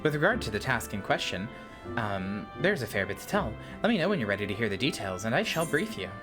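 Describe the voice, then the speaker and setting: A woman's voice: very deep voice, big pitch swings, fast talker, music in the background. Woman reading as a courteous innkeeper woman. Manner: reads lines aloud, tripping over words.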